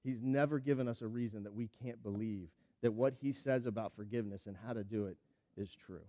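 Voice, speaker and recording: A man preaching a sermon, telling a Bible story with lively acted-out voices and then dropping to a quiet, earnest tone. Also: on the low side, brisk. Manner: animated storytelling, acting out the characters with big swings in loudness; drops to a quiet, earnest tone when applying the lesson. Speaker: pastor.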